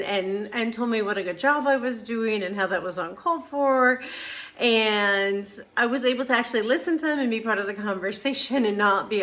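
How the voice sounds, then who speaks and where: A woman's voice: fairly high pitch, sharp tone. A middle-aged woman who hosts her own channel, telling a personal story in casual talk that rambles, with many restarts and fillers. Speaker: channel host.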